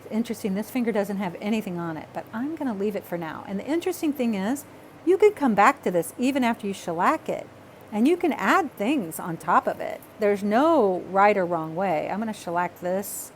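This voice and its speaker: A woman teaching a hands-on art project in a loose, chatty way, talking to herself and apologizing as she gets excited. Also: medium pitch, a little fast, slight background noise. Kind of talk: casual craft tutorial.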